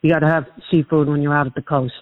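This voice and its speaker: A woman's voice: deep voice, quick pace. Friendly woman caller on a phone line. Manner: friendly, relaxed storytelling. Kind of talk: casual talk radio chat.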